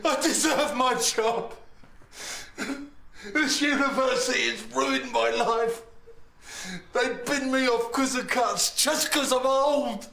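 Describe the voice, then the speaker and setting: A man's voice: very high voice, takes it slowly, creaky, bright, forceful tone, roomy sound, heavily acted. A man playing a desperate older man, laid off from his job, who holds a gun and talks with a weary, bitter laugh in a TV drama. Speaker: patient turned gunman. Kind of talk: TV drama acting.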